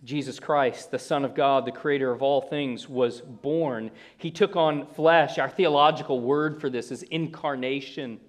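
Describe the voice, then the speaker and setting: A male pastor preaching a sermon, slowing down and stressing key words, with small restarts. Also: medium pitch, steady tone. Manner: slow emphatic phrasing with pauses, small restarts.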